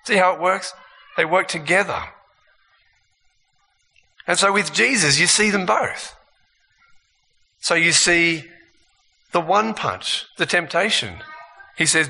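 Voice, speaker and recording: A man preaching in an animated, lively way, his voice slightly high and bright. He acts out the voices in his sermon. The sound carries a long reverb from a large hall. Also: slow, vocal fry, pauses often, breathy edge.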